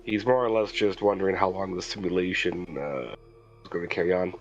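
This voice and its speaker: A man's voice: low voice, steady tone, brisk, dull audio, faint music behind. A man playing his character in a tabletop game, thinking aloud with hesitations. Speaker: player.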